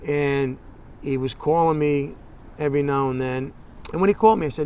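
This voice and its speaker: A man's voice: a little high, moderate pace, a little mellow, slight background noise. A man telling his story in a documentary interview, acting out phone calls with quoted voices. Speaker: documentary interviewee, state representative.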